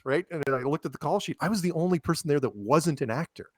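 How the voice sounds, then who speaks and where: This podcast guest races through casual stories in a highish voice with lively intonation, often restarting and adding asides. He performs quoted people in raised voices, recorded cleanly in a studio with no echo.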